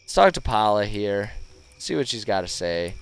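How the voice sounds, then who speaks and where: A man's voice: fairly low pitch, big pitch swings, moderate pace, vocal fry, smooth. A man streaming a video game, commenting casually with sarcastic jokes at the characters. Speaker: gaming streamer.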